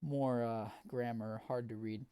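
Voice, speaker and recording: A man's voice: mid-range voice, normal speed, a little mellow. A man reading fan fiction aloud with sardonic asides, often stumbling over the text. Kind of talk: comedic dramatic reading with asides.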